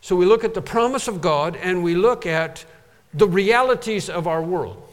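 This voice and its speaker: A man's voice: high voice, animated, moderate pace. Emphatic preacher man in an echoing hall. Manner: emphatic, repeats phrases for stress. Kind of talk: sermon.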